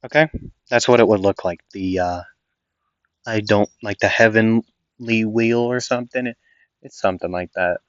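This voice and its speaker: A man's voice: on the low side, normal speed, pauses often, no echo, highs cut off. A young man casually improvising a fan story, rambling with many fillers and restarts.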